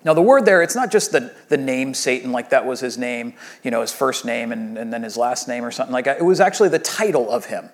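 A man's voice: mid-range voice, fast talker, hardly any pauses. A man preaching a sermon as pastor, speaking in a casual, conversational way and acting out the lines of the story he retells. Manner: conversational, animated retelling with voiced quotes.

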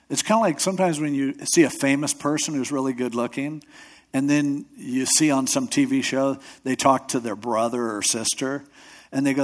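A man's voice: mid-range voice, expressive, moderate pace. A man who pastors a church and hosts a radio show, preaching in a conversational sermon style. He tells stories, acts out quotes in other voices, and talks loosely with restarts and asides. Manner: storytelling, acting out quotes in voices.

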